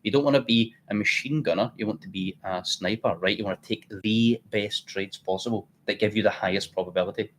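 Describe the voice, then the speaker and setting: A man's voice: fairly low pitch, fairly quick, hardly any pauses, fairly bright tone, slight background noise. A man hosting a live trading stream, chatty and blunt, thinking aloud as he works. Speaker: trading livestream host. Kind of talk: casual live trading commentary.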